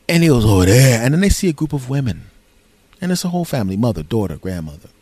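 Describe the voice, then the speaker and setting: A man spinning a comic story in a sarcastic, animated way, now and then jumping into shrill impressions of his friends. His voice sits at an ordinary middle pitch. The sound is dry and close, with no room around it. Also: fairly quick, no room sound. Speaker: podcast host.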